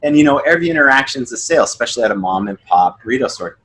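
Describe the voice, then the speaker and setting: A man's voice: racing, low-quality recording. A young man guest on a podcast, casually telling stories and acting out the dialogue in them. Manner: storytelling, acts out dialogue with lively pitch jumps. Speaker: podcast guest, sales coach. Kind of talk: casual conversation.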